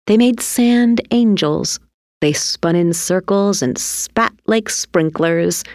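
A woman reading a children's story aloud with expressive delivery. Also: dry recording, clean studio sound. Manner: slow and highly animated.

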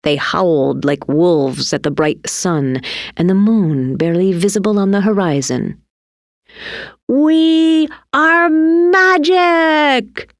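A woman reading a children's story aloud with expressive delivery. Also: gravelly, no room sound, studio quality. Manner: slow and highly animated.

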